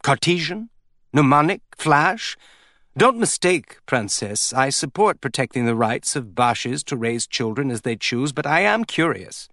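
A man's voice: medium pitch, expressive, measured pace, pushed and bright, dry recording, clean studio sound. A man reading an audiobook, voicing a curious, urbane aristocrat who presses questions. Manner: probing, urbane. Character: curious, smooth-talking male aristocrat.

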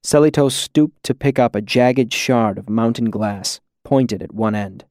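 A man narrating a fantasy story as an audiobook, in a measured, even storytelling manner. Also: mid-range voice, no echo, studio quality.

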